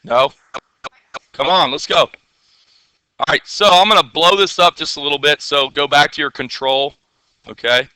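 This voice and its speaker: Bright, crisp-voiced man teaching a class. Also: a little high, normal speed, pauses often, no room sound. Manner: chatty, asks the class questions, playful asides. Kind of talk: classroom software lesson.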